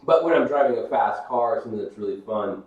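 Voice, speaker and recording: A man's voice: medium pitch, animated, fast. A man, a podcast co-host, talking casually in an easygoing, wisecracking way. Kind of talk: casual chat. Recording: echoey room, dull far-off mic.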